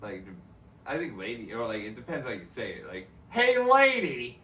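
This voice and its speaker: A man's voice: lowish voice, expressive, fairly quick, fairly bright tone. A young man co-hosting a podcast, talking casually with crude jokes and frequent laughter. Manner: crude, joking, laughs often. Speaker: podcast co-host. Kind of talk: casual chat. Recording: roomy echo, distant mic, faint noise.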